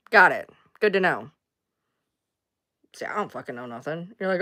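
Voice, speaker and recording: A woman's voice: deep voice, big pitch swings, moderate pace, long pauses, sharp tone. A woman hosting a casual livestream, rambling loosely, answering chat comments and swearing now and then. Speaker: livestream host.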